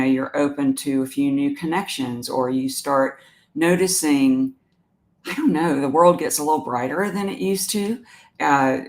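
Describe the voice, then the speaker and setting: A woman hosting a live stream as an animal communicator. She talks gently and emotionally about pet loss and answers viewer comments, often pausing and restarting her sentences. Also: deep voice. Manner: warm, emotional, halting with many restarts.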